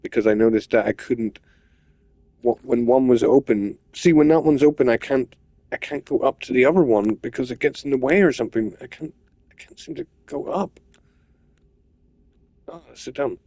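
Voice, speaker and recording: A man's voice: mid-range voice, normal speed, pauses often, mellow, dry recording. A man ranting and swearing as he comments on his own gameplay, repeating himself in frustration. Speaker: gamer.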